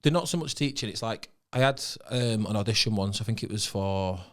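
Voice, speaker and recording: A man with a Manchester accent talks through his acting work in loose podcast chat. His voice sits a little low. He is relaxed, swears casually and often leaves sentences hanging. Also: brisk. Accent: Mancunian. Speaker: actor and podcast guest.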